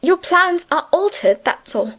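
Tender young schoolgirl in an audiobook , read by a woman; high, soothing, earnest. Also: big pitch swings, a little slow, a bit bright, exaggerated voice. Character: gentle affectionate schoolgirl friend, young woman. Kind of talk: audiobook character reading.

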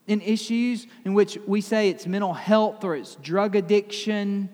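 Conversational preacher in a reverberant hall. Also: male voice, sits high, a little slow. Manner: conversational preaching, retells scripture with lively quoted asides. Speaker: pastor. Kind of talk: sermon.

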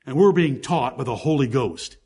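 A man's voice: medium pitch, lively intonation, moderate pace, darkish tone, breathy edge. A man preaching a sermon, teaching through Bible verses one by one in an emphatic way and asking the congregation rhetorical questions.

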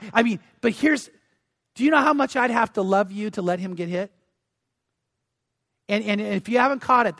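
A man's voice: sits high, a bit bright, dry recording, studio quality. An older man preaching a sermon as pastor, earnest and emphatic, often repeating words as he restarts.

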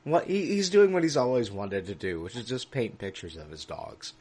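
A man's voice: mid-range voice, animated, normal speed, crowd noise. A man co-hosting a podcast in casual political chat, ranting with plenty of swearing, laughing often and tripping over his words. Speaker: podcast co-host.

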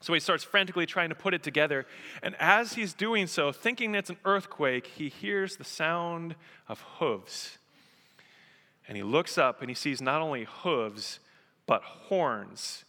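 A male pastor preaching a sermon, an animated, emphatic storyteller, in a church with long reverb. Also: a little high, unhurried.

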